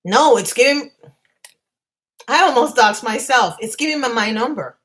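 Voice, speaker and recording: Higher-voiced woman telling a story in a rush. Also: lively intonation, fairly bright tone, low-quality recording. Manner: fast, agitated storytelling with frequent restarts. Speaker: vlogger. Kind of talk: live-stream storytelling. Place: home apartment.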